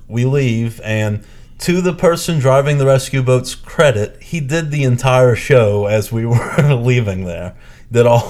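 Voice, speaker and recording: A man co-hosting a podcast, telling a story in casual chat and acting out the people in it. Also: on the low side. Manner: animated, acts out quoted people; chatty, with restarts and fillers. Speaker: podcast co-host.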